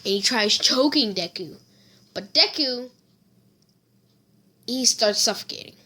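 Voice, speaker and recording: A woman's voice: a little high, lively intonation, measured pace, pushed and bright. A woman casually telling a fan story, rambling with fillers and self-corrections.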